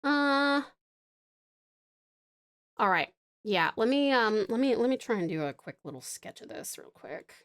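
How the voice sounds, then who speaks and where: Aussie lady streamer, high and bouncy, swings all over, gushes and swears and giggles while she draws. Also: very animated, unhurried, pauses often, clear, resonant tone. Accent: Australian. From Tasmania, Australia. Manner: bubbly and affectionate, swears freely, laughs often; chatty, rambling while sketching. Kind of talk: casual live-stream chat.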